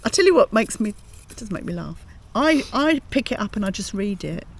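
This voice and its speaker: A woman's voice: mid-range voice, sing-song, brisk, breathy edge. A woman from England co-hosting a casual home podcast, teasing and giggly in her chat. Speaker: podcast co-host. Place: home in France.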